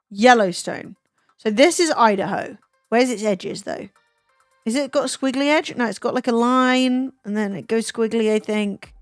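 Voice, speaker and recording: British girl streamer, high voice, teasing and sweary, dry mic, bit of music behind. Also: no echo. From Britain. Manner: teasing, incredulous, swears freely. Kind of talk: casual chat with a guest.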